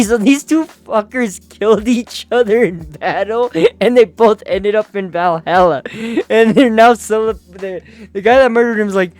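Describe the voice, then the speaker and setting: Smooth-voiced man swearing through a comic recap. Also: sits high, moderate pace, a little mellow. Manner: profane, laughing, filler-heavy. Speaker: manhwa recap host. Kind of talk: casual comic recap commentary.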